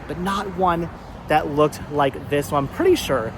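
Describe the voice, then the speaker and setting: Eager male vlogger, a little high, outdoors with faint road noise behind. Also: unhurried. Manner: enthusiastic, repeats himself, laughs often. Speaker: vlogger host. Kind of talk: casual vlog narration. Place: outdoors at a car wash by a road. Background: faint traffic and honking.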